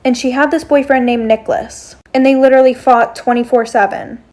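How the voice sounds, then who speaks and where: A woman's voice: high-pitched, steady tone, fairly quick, a little mellow. Blunt young woman telling a storytime. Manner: blunt, swears freely, chatty asides to viewers. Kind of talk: casual storytime.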